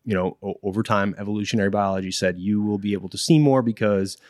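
Man, low voice, dry close sound, instructor, animated, acts out quotes. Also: fast talker, no echo. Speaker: instructor in behavior analysis training. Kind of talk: casual explanatory interview talk.

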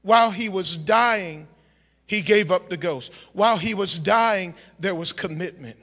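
High, fiery shouting preacher man. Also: unhurried, in a large hall. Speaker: pastor. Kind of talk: sermon. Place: church sanctuary.

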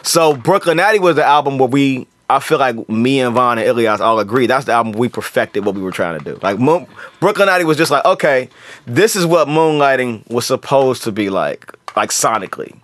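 A rapper with a Cincinnati accent, chatting loosely as a guest and leaning on lots of filler "likes.". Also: male voice, medium pitch, animated, fairly quick, fairly bright tone. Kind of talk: casual chat.

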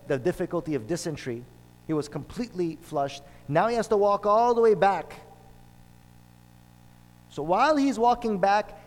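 A man's voice: fairly high pitch, darkish tone. A man preaching a sermon, telling a story and driving points home with repeated phrases. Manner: storytelling, emphatic with repetitions. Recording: long hall reverb.

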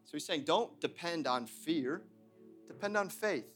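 A young adult man preaching a sermon as pastor, swinging between shouted emphasis and joking asides. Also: on the high side, expressive, a little slow, slightly rough, faint music behind.

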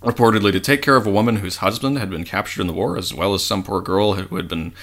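A man's voice: fairly low pitch, fast talker. A man hosting a casual podcast, teasing his co-host and swearing often. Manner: animated, teasing, swears and laughs a lot.

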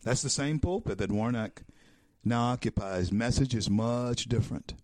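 A man hosting a talk show, giving a political commentary monologue in a preacher-like way that builds to loud, emphatic peaks and calls his listeners folks. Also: mid-range voice, normal speed, no room sound, studio quality. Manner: addresses listeners as folks and my friends.

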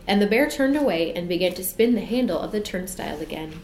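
Woman narrator, gentle storybook reading, echoey room, faint hiss. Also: mid-range voice, animated, fast.

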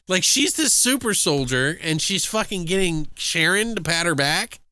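Podcast co-host, male, bright and lively, swears freely, dry close mic. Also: high voice, measured pace, clean tone, no room sound. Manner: animated, profane, acts out movie lines. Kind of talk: casual movie review chat.

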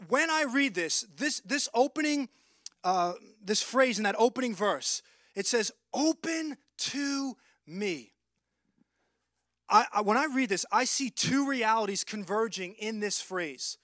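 Man preaching, high voice, dry close sound, earnest, repeats himself. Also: lively intonation, moderate pace, pushed and bright, no echo. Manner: earnest, repeats words, quotes scripture. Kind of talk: sermon.

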